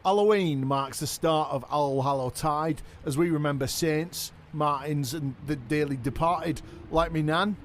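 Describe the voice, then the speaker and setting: A man's voice: fairly high pitch, slight background noise. A man playing a dim, boastful wrestling champion on a comedy podcast. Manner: dim-witted, boastful, quick to laugh and swear. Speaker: comic co-host in character as a wrestling champion. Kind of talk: scripted comedy podcast dialogue.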